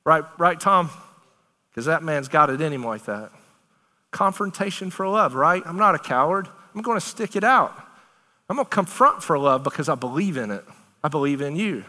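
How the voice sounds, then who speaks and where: Bright-voiced emphatic preacher in a hall. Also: male voice, a little high, normal speed. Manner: animated, emphatic, conversational preaching with Southern turns of phrase. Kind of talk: sermon.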